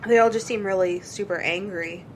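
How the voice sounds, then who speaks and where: A woman's voice: mid-range voice, normal speed, slight background noise, rough recording. A woman co-hosting a casual podcast chat, teasing her partner and giving blunt opinions. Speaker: podcast co-host.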